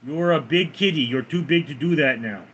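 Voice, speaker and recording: Reading his chat aloud during a casual stream, a man sits at home with his cats and replies offhandedly to viewer comments. The voice is fairly high, a little fast, a bit bright and slightly rough, and the sound is lo-fi.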